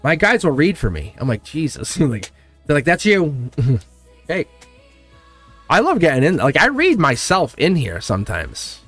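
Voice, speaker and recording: A man's voice: on the high side, wildly swooping pitch, moderate pace, long pauses, a bit bright, breathy edge, faint music behind. A middle-aged man hosting a live tarot stream in casual chat, rambling, laughing often and saying "like" constantly. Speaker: tarot reader and livestream host.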